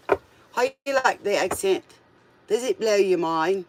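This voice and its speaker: A man's voice: high-pitched, expressive, takes it slowly, slight background noise. A man doing a casual tarot reading, chatty and playful, with joking asides. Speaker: tarot reader.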